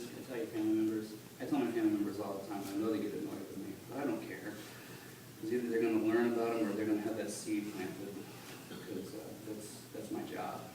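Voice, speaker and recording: A man giving a halting, earnest personal testimony at church, recorded on a phone from the congregation. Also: lowish voice. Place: church sanctuary. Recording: echoey church on a distant phone, noisy.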